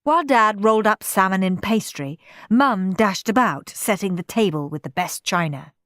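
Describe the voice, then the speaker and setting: A woman narrating a children's audiobook in an expressive storybook manner. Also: medium pitch, no room sound, clean studio sound. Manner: expressive, unhurried.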